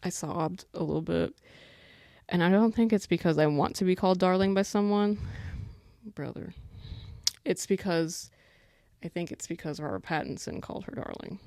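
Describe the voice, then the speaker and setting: Chatty young woman, low and dry. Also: normal speed, vocal fry, pauses often, warm tone, dry recording. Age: 20s. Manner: chatty, rambling, talks to her pet between thoughts. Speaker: podcast host. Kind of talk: casual solo podcast chat.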